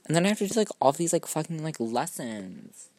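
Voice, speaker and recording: A man's voice: a little high, sing-song, a little fast, warm tone, no room sound. A young man, a student, hosting a rambling solo podcast. He talks in a gushing valley-girl drawl full of "like" and "oh my god", swears casually, mocks himself and keeps jumping between topics. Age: young adult student. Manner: scattered, self-mocking, jumps between topics. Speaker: podcast host.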